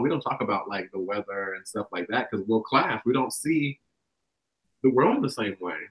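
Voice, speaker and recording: A young man from the American South, a guest talking casually about spirituality, rambling and acting out quotes with animated bursts. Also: fairly low pitch, poor audio.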